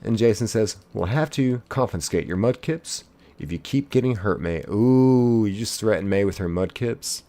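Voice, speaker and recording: A man streaming a game live, casually reading his chat's messages aloud in a playful, excitable way. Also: fairly low pitch. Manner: reads chat messages aloud in quick succession, playful and excitable; casual, uses "y'all". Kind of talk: live gaming stream chat.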